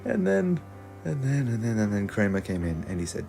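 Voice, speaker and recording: Low mellow-voiced young man telling a tale. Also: big pitch swings, normal speed, gravelly, faint music behind. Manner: rambling, full of "uh" and "and then". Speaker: creepypasta parody narrator. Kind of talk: deadpan comic horror storytelling.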